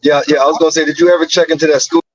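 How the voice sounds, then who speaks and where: A man's voice: fairly high pitch, flat delivery, racing. A man calling in on his phone while driving, talking conversationally and repeating himself. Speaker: caller. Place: in a moving car. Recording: dull phone line with road noise.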